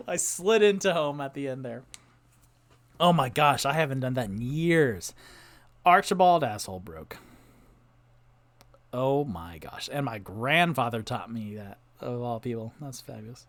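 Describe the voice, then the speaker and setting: A man's voice: medium pitch, animated, moderate pace. A man hosting a casual live stream from home, chatting with his audience and reciting playful rhymes and spelling games. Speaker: solo streamer host. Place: home streaming setup with a noisy fan. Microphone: streaming mic.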